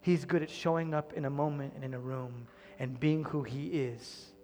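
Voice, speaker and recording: A man preaching a sermon as pastor, earnest, often sinking to a soft near-whisper. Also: medium pitch, steady tone, normal speed, long reverb tail, a little hiss or hum.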